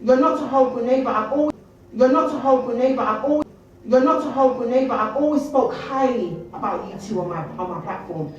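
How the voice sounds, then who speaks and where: High-voiced woman arguing, swearing hard. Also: fast, heavy reverb, recorded from a distance, lo-fi sound, slight background noise. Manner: confrontational, heavy swearing. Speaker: livestreamer. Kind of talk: heated doorstep argument on a livestream. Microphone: phone held in hand.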